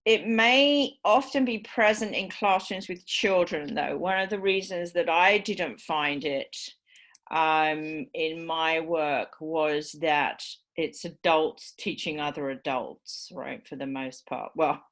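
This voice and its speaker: A woman with a low-pitched voice gives a university lecture at an unhurried, measured pace. She explains points carefully, often pausing on "um" and checking in with listeners using a questioning "right?". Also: steady tone, fairly bright tone. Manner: frequent filler "um" and small restarts.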